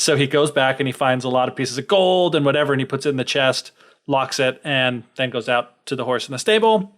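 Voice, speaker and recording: A man's voice: mid-range voice, fairly quick, fairly bright tone. A young man co-hosting a podcast, casually retelling a fairy tale in a chatty, filler-heavy way. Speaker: podcast co-host. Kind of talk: casual storytelling.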